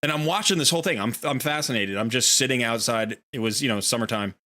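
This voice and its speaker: A man hosts a relaxed game livestream from his home, talking to chat in a loose, rambling way. His voice sounds bright and forward at an ordinary middle pitch. He drifts into storytelling and drops in playful little voices for the animals. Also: fast talker. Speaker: game streamer. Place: home room near a window.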